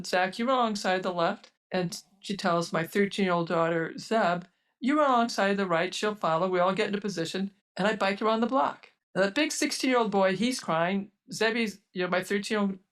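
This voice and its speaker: A woman's voice: mid-range voice, far from the mic. A woman in her sixties, a physician guest, earnestly telling her recovery story in present tense. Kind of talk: personal story in conversation.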